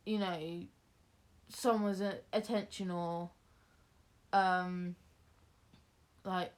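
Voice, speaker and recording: A young woman, chatting casually through a Q&A, rambling with lots of fillers and restarts. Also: medium pitch. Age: young adult. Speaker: vlogger. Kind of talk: casual Q&A chat.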